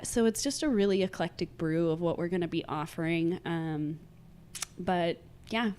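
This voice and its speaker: Woman guest just chatting, kinda rambly, lotsa "like" and "um", lowish voice. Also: a little mellow, clean tone. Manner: rambling, filler-heavy, frank. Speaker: podcast guest, wellness co-founder. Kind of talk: casual chat.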